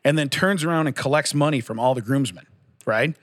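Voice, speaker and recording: A man's voice: mid-range voice, fairly quick, a bit bright, dry recording. Rambling, laughing male podcast host. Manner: rambling storyteller, laughs often. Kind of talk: casual chat.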